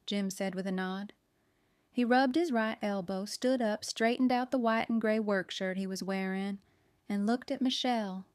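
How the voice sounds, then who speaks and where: Woman narrating an audiobook, expressive, smooth clear voice, dry close mic. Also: mid-range voice, moderate pace, no room sound. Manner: expressive, voices each character. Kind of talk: scripted narration.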